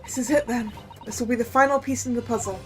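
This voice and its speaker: A woman voicing a young male defense attorney who speaks in formal, measured courtroom language. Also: fairly high pitch, fairly even intonation, faint music behind, lightly acted. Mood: determined.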